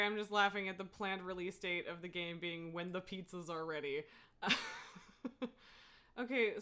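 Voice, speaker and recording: A woman's voice: medium pitch, fairly bright tone, clean tone. Rambling, giggly woman streamer. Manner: rambling, filler-heavy, laughs often. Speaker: livestreamer. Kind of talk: casual gameplay chat.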